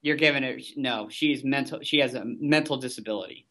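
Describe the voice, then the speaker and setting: A man co-hosting a casual podcast, talking at an ordinary middle pitch. He rants loosely, swears constantly and pushes his opinions hard. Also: brisk, fairly bright tone. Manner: profane, ranting, heavy swearing. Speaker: podcast co-host. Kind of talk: casual recap chat.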